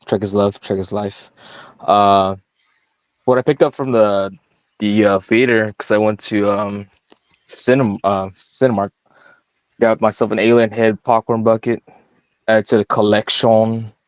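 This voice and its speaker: A man co-hosting a casual podcast chat, speaking haltingly with many fillers. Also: fairly low pitch, little pitch movement, clean tone, no echo, highs cut off. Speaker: podcast co-host.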